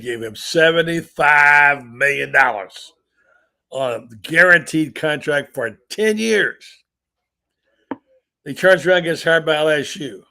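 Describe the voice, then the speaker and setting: A man's voice: on the high side, gravelly, bright, forceful tone. An older man hosting a sports talk show, blunt and opinionated, telling long stories. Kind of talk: sports talk radio chat.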